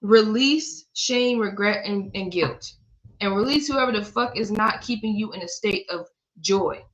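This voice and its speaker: A woman's voice: medium pitch, measured pace, poor audio. A woman giving a casual spiritual card reading in a blunt, profane way, laughing at herself. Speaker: tarot reader.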